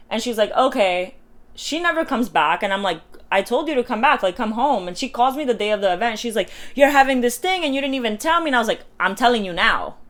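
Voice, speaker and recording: A young woman in her twenties telling a personal story in a casual vlog, acting out quotes with big swings in voice and cursing freely. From New York. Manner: animated, acts out quotes with swings in pitch and loudness, curses freely. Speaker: vlogger.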